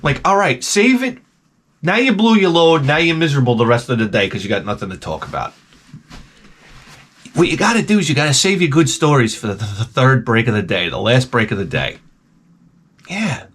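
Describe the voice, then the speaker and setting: Man, comedic rambling monologue, animated delivery, wide pitch swings. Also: moderate pace, slightly rough. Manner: animated, jumps between impressions and asides. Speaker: channel host.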